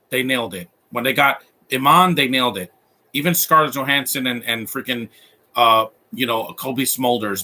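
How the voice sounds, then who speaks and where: Male host, casual live movie commentary, opinionated and rambling, bright husky tone. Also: medium pitch. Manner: opinionated, rambling, frequent restarts.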